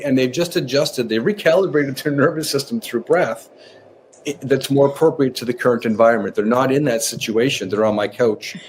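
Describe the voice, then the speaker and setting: Man explaining in a lively podcast chat. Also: mid-range voice, slight background noise. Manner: explains with animated acted-out examples. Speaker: guest author on nervous system training. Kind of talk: conversational podcast interview.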